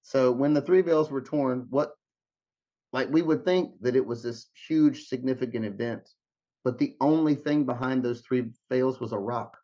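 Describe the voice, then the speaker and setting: A man's voice: mid-range voice, normal speed, warm tone. Rambling man with dull lo-fi audio. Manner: rambling, many restarts and fillers. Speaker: guest musician. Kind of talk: casual interview talk.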